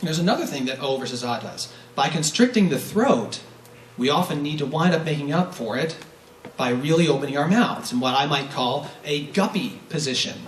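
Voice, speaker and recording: A man's voice: on the high side, expressive, normal speed. Man lecturing in an echoey room. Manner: explanatory, poses rhetorical questions and demonstrates vowel sounds. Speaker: brass teacher giving a masterclass. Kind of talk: masterclass lecture. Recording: roomy echo from a distant mic, faint noise.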